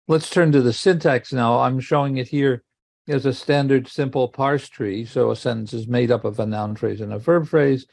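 Older man lecturing, gravelly voice. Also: mid-range voice, steady tone, darkish tone, dry recording. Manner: measured, explanatory, with occasional fillers and restarts. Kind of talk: academic lecture on linguistics.

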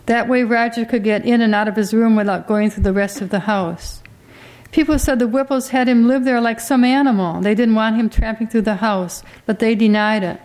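A woman's voice: a little high, steady tone, moderate pace, darkish tone. Woman reading a literary audiobook. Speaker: audiobook narrator.

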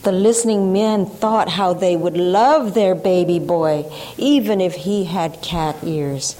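Woman narrator, unhurried and mellow, reads a tale with hushed care. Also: on the low side, poor audio. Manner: slow, hushed, measured delivery with voiced quotes. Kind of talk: storytelling reading.

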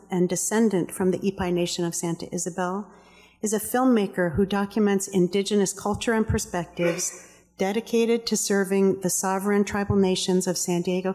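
A woman's voice: mid-range voice, dark tone. Woman introducing speakers in a reverberant hall. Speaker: event host and co-curator. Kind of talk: reading speaker introductions at a public event. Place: aquarium event hall.

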